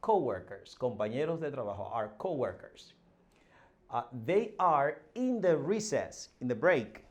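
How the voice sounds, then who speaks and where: Male teacher, mid-pitched, halting, explanatory lesson delivery with frequent fillers. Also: sing-song. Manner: explains slowly with many fillers and restarts; reads dialogue lines aloud, then translates each. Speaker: language teacher. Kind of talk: spoken language lesson.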